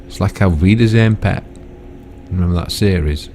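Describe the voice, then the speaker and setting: Deep-voiced rambling man. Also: moderate pace, mellow, slight background noise. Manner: chatty, self-mocking, trails off with tag questions. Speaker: gaming YouTuber. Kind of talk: rambling gameplay commentary.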